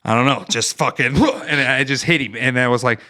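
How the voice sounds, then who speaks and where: In a mid-range voice at a fairly quick clip, an Ohio man in his thirties tells war stories as a podcast guest. The fighter and former Marine keeps it casual, profane and animated, acting out the quotes of those involved.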